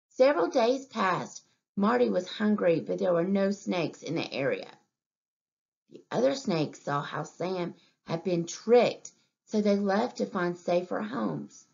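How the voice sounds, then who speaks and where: A woman reading a picture book aloud to young children in an expressive way, asking questions and pointing at the pictures. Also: mid-range voice, measured pace, creaky, slightly rough. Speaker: preschool teacher. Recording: dull lo-fi recording.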